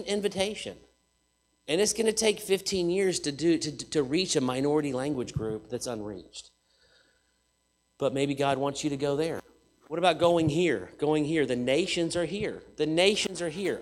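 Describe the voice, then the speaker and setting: Guy preaching, bright punchy voice, a bit high, gets loud then goes quiet, says stuff twice. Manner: animated, swings from loud to hushed, repeats phrases for emphasis. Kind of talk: sermon.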